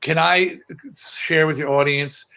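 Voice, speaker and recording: A middle-aged man chatting as a guest on a video call, telling lively stories with frequent restarts. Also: fairly high pitch, takes it slowly, vocal fry. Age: middle-aged or older. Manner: animated storyteller, frequent restarts. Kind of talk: casual chat.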